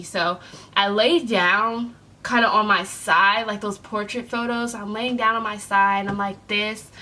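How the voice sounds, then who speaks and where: A young woman vlogger telling an embarrassing story, animated and acting out the other people in it. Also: a little high. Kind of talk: storytime vlog.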